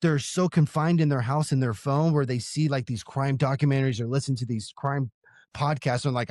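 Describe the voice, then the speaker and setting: A man in his thirties from Southern California talks on a podcast in a mid-range voice, packing his stories with curse words for punch. The sound is close and dry, with no room in it. When he turns sincere, he slows down and goes softer. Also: mid-range voice, steady tone, no echo. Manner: profane, emphatic storytelling. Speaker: podcast co-host. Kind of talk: casual chat.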